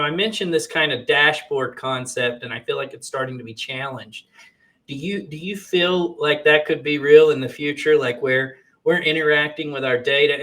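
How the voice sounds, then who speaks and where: A man's voice: fairly high pitch, sharp tone. A man hosting a casual conversation, often hesitating and restarting his sentences with fillers.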